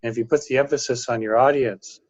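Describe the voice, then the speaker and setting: A man's voice: medium pitch, fairly even intonation, quick pace, dry recording. Agreeable man on a muffled call. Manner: agreeable, groping for words. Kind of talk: casual webinar discussion. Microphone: video call. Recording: dull lo-fi webinar audio.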